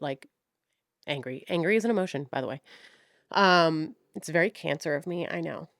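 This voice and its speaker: A woman's voice: low voice, no room sound, studio quality. A young woman hosting her own podcast, rambling frankly, swearing often and mocking herself as she loses her train of thought. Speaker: podcast host. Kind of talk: casual rambling monologue.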